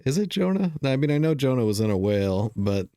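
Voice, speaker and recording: A man's voice: mid-range voice, big pitch swings, quick pace, mellow, dry recording, clean studio sound. A man co-hosting a film podcast, musing in a rambling way with many fillers. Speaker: podcast co-host. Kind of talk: casual chat.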